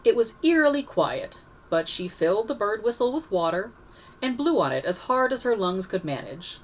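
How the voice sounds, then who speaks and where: Expressive woman reading a story. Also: medium pitch, normal speed, low-quality recording. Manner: expressive reading with self-corrections. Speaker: story reader. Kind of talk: storybook narration.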